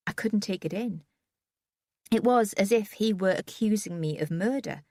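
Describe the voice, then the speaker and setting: A woman's voice: medium pitch, normal speed, mellow, no room sound, clean studio sound. A woman reading a first-person audiobook in a subdued, wry manner. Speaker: audiobook narrator.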